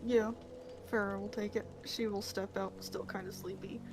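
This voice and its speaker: A woman's voice: mid-range voice, level tone, normal speed, background noise. A woman playing a tabletop game, chatting casually and giggling playfully. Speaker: player.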